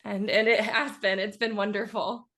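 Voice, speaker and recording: A young woman in her twenties from the southern United States, a voice actress chatting quickly and bubbly in an interview. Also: medium pitch, level tone, a bit bright. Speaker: voice actress, guest. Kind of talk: casual interview chat.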